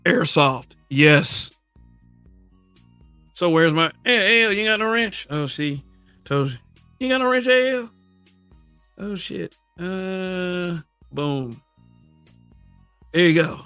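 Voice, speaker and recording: A man's voice: high-pitched, animated, takes it slowly, pauses often, bright, forceful tone, clear, resonant tone, dry recording, soft background music. A middle-aged man from the American South with a Southern accent, hosting a livestream and talking bluntly and profanely in casual commentary, laughing often and answering his chat. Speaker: livestream host.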